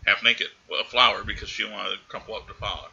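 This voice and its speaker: Bright-voiced man recapping a movie. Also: fairly low pitch, quick pace, creaky, highs cut off, slight background noise. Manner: animated retelling, acting out characters' lines. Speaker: podcast co-host. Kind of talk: casual movie recap chat.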